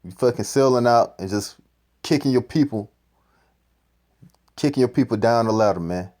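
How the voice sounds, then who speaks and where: Male preacher commenting on a clip, ranting and profane, mid-pitched. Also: moderate pace, darkish tone. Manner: ranting, profane, repeats "man".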